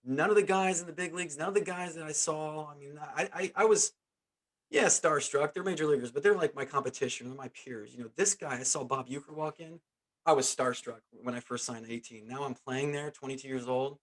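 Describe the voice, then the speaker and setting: A man around forty, a former pro ballplayer, telling a story as an interview guest in an animated way, chuckling and often saying "man". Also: on the high side, a little fast. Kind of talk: casual storytelling.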